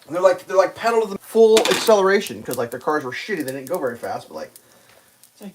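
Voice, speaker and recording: At a quick pace and in a mid-range voice, a live streamer rants about traffic, rambling, swearing, and leaning hard on the word "like." The delivery is animated, breaking into loud acted-out outbursts from other drivers.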